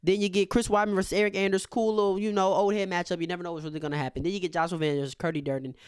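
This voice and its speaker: Smooth-voiced, blunt man. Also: high voice, little pitch movement, rapid-fire, dry recording, studio quality. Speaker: podcast co-host. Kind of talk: casual sports reaction chat.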